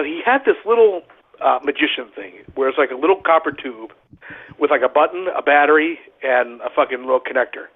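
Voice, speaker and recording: Husky-voiced man telling stories over the phone. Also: mid-range voice. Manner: animated, profane anecdote-telling with frequent "right?". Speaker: guest, former pro wrestler. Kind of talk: casual storytelling on a podcast. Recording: tinny phone line.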